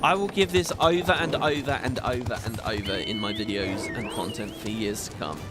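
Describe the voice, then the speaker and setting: A man's voice: fairly low pitch, normal speed, heavy background noise. A man hosting a gaming video, giving rambling, opinionated playthrough commentary. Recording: game music behind voice.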